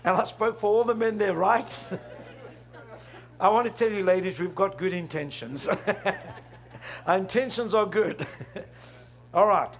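A man's voice: high-pitched, measured pace, long pauses. A middle-aged man preaching a sermon, asking the congregation questions and laughing along with them. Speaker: pastor.

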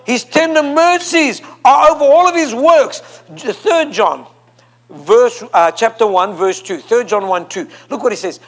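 A man's voice: extremely high pitch, measured pace. A man preaching a sermon to a congregation, emphatic and repetitive, leading them in call and response. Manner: emphatic, repeats phrases for effect. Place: church before a congregation.

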